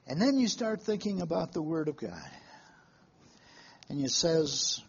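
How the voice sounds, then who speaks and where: A man preaching a sermon to a live congregation, telling stories in a folksy way with halting restarts and questions to the room. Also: a little high, sing-song, creaky, husky, dull audio.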